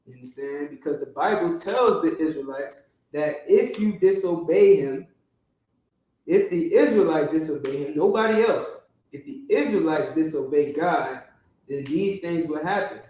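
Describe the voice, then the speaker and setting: Man teaching a class, fairly high voice, heard from far off, heavy room echo. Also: animated, moderate pace, darkish tone. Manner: keeps checking in with the listeners. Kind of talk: classroom lecture. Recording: very echoey room, distant from the mic.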